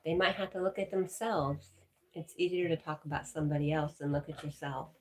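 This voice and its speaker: Low-voiced woman chatting on a livestream. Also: fairly even intonation, fairly quick. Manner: warm, affectionate, reads chat aloud and answers viewers. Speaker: livestream host reading viewer comments. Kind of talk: casual live-chat talk.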